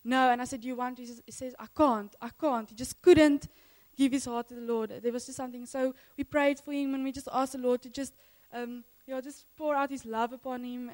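A woman's voice: on the high side, a little mellow, low-quality recording. A woman sharing mission testimonies in church, enthusiastic and rambling, often breaking into laughter.

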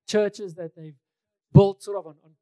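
A man's voice: high voice, fairly even intonation, a little slow, warm tone, dry recording. A male pastor preaching a sermon in a conversational way, repeating key phrases for emphasis, with touches of light humor.

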